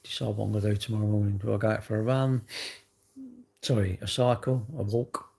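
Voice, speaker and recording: An English man in middle age chats on a casual livestream with a gravelly, low voice. He rambles along with plenty of tag questions. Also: flat delivery, a little fast, warm tone. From England. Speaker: livestream host.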